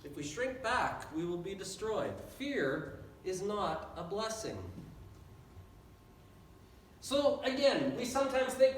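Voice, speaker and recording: A man preaches with an unusually high voice, pressing his points through earnest repetition. He is heard from some distance in a church sanctuary, and the room's reverb hangs on every phrase. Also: lively intonation, takes it slowly, long pauses, a little hiss or hum. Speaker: pastor. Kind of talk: sermon. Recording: echoey church hall from far off.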